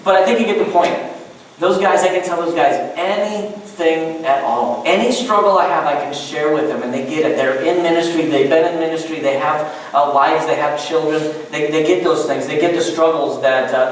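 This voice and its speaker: Pastor, male, animated preacher with joking asides; recorded from a distance in an echoey church with light noise. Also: fairly high pitch. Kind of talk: sermon. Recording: echoey church room from far off.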